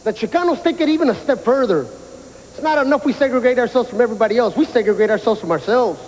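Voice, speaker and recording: A man doing stand-up comedy, telling animated stories and mimicking people. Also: very high voice, quick pace, in a large hall. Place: prison yard. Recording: noisy outdoor recording.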